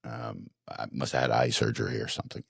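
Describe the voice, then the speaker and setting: Man, deep, animated storyteller, dry studio sound. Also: a little fast, vocal fry, breathy edge, dry recording. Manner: animated storyteller, acts out voices, many restarts. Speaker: podcast co-host. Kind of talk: casual storytelling.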